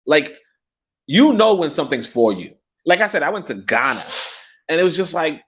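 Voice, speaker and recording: A man's voice: fairly high pitch, sing-song, moderate pace, pauses often, highs cut off. A man telling a story in a casual, profane vlog outdoors, laughing and swearing as he goes. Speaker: vlogger. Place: outdoors in the sun.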